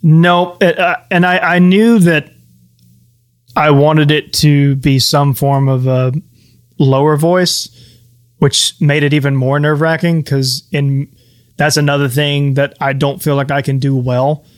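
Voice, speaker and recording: A man's voice: a little high, steady tone, a little slow. A man co-hosting a podcast, chatting casually in a loose, rambling way and running the game as its master. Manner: easygoing, rambling with restarts and laughs. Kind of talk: casual chat.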